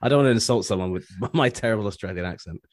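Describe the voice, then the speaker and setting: A man's voice: on the low side, racing, dry recording, studio quality. A man co-hosting a podcast in casual chat, joking and mocking himself, often laughing. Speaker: podcast co-host.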